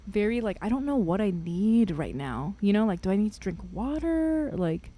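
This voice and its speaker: A young woman co-hosting a podcast, telling a story in an animated, laugh-filled way with lots of fillers. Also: medium pitch, moderate pace. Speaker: podcast co-host. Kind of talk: casual chat, storytelling.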